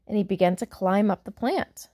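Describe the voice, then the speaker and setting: A woman reading a picture book aloud for children, pausing to explain words and point out pictures. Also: medium pitch. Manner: warm, explaining asides to young listeners. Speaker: storyteller.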